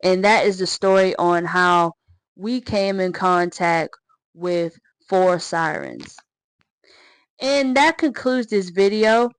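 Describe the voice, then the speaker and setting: A woman's voice: lowish voice, takes it slowly, clear, resonant tone, dry recording, rough recording. Chatty woman telling a story casually. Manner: chatty, slangy, excitable retelling. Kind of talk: casual story time vlog.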